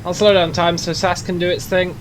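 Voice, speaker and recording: A young man with a fairly high voice mutters his way through a game, thinking aloud as things go wrong. A steady hum sits under his home microphone. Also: fairly quick. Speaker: gaming YouTuber. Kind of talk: casual gameplay commentary.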